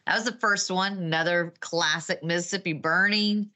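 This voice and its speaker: A Texan woman in her fifties chats freely as a podcast guest, laughing easily between memories. Her voice sits low for a woman yet rings bright and forceful. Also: steady tone, normal speed. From Texas. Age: 50s. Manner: chatty, laughs often. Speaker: guest, former class president. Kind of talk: casual nostalgic chat.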